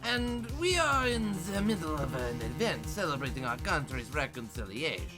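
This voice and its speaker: A pompous old foreign ambassador, put on by a man speaks in a shifting European accent. He is formal and hesitant, padding his lines with polite fillers. His pitch swings widely, and game music plays underneath. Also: very animated, moderate pace. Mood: smooth. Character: older male foreign ambassador, pompous and smooth.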